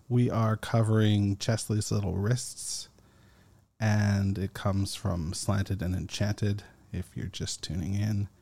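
A man hosting a casual solo podcast, talking slowly and rambling with fillers and chuckles. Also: on the low side, mellow, no room sound. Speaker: podcast host.

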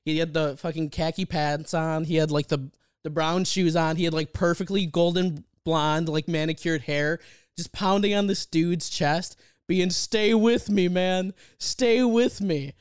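A man's voice: a little high, flat delivery, normal speed, clean tone, no room sound, clean studio sound. A man co-hosting a podcast, telling stories in a casual chat and laughing as he goes. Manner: laughs through his own stories, jokey. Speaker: podcast co-host.

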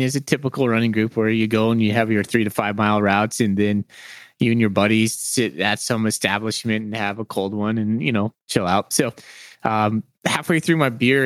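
A young adult man co-hosting a podcast, telling a story in a lively, chuckling way. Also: fairly low pitch, no echo, clean studio sound. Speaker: podcast co-host. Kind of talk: casual storytelling.

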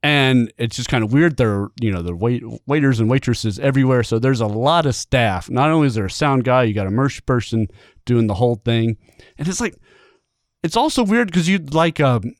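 Podcast host guy, rambles and laughs a lot, medium pitch, super dry close sound. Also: animated, brisk, no echo. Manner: rambling storyteller, laughs often. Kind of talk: casual chat.

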